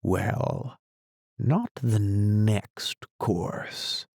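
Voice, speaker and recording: A man reading an audiobook, voicing a solemn, muddled male knight who talks gravely and slowly about his inventions. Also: lowish voice, expressive, darkish tone, no room sound, clean studio sound, exaggerated voice. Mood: grave, musing. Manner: grave, slow, musing. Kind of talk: audiobook character voice.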